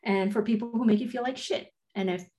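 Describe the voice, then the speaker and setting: A woman's voice: a little high, steady tone, brisk, dark tone. Blunt, joking woman podcast co-host. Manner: blunt, joking, swears casually. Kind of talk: casual chat.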